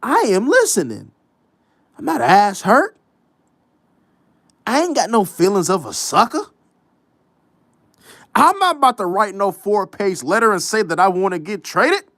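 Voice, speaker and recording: A man delivering a casual sports commentary rant in a blunt, profane way. He speaks slowly and deliberately while his pitch swings widely, driving points home by repeating them. The recording is dry and close, with no room sound. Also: wildly swooping pitch, fairly bright tone, dry recording. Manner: repeats lines for emphasis. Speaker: commentary show host.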